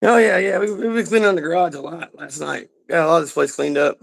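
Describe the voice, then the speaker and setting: High, gravelly Kentucky-accented man. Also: fairly even intonation, quick pace, no room sound. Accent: Southern US, Kentucky. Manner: rambling, profane and joking. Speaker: garage channel host. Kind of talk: casual garage walkthrough.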